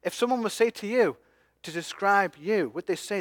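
A man preaching a sermon as pastor, passionate, swinging from hushed asides to loud emphatic peaks. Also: sits high, expressive, normal speed, no echo, clean studio sound.

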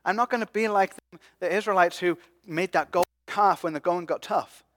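A man preaching a sermon as pastor, passionate, swinging from hushed asides to loud emphatic peaks. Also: sits high, a little fast, no echo, clean studio sound.

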